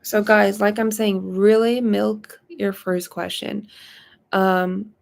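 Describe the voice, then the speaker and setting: A woman's voice: mid-range voice, flat delivery, slow, gravelly, darkish tone. A woman psychic medium chatting casually on a live stream, giggly and full of fillers. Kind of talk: live-stream reading chat.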